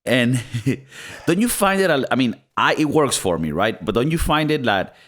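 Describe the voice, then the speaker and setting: A man co-hosting a casual movie review podcast, talking in an animated way and slipping into mock accents. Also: mid-range voice, normal speed. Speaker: podcast co-host.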